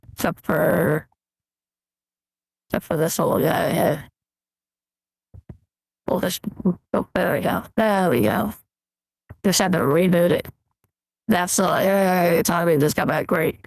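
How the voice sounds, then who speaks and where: A man with a fairly high voice, vocal fry and a breathy edge hosts a casual live stream, rambling as he sets up his gear and greets viewers before reviewing their mixes. He's relaxed and talks through the tech setup, and the recording is dry with poor audio.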